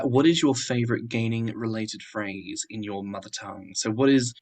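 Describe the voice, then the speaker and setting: A man co-hosting a podcast, asking the guest questions in a playful, teasing way. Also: lowish voice. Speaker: podcast co-host.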